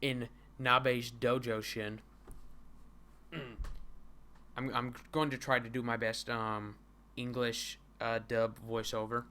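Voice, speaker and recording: A sarcastic young man hosting a livestream, riffing on a comic he reads aloud. His voice is bright and forceful, and he often laughs and stumbles over restarts. The commentary is casual and mocking. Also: mid-range voice, flat delivery, slow pace, long pauses, clean tone. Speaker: livestream host reading a comic.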